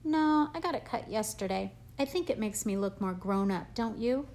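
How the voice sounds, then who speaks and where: A woman's voice: mid-range voice, lively intonation, moderate pace, darkish tone, lightly acted. A woman reading an audiobook, voicing an eager, earnest ten-year-old boy who questions and protests. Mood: proud. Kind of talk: audiobook character voice.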